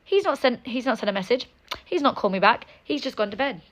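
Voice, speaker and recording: A young woman telling a story time, fuming and upset, talking fast with lots of "like" and swearing. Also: on the high side, lively intonation. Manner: angry, fast, swears a lot, many "like"s. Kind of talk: casual storytime rant.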